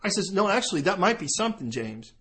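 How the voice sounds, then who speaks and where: Animated man preaching a story. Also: high voice, quick pace. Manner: animated storytelling, switching between characters' voices. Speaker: pastor. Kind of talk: sermon illustration with acted dialogue.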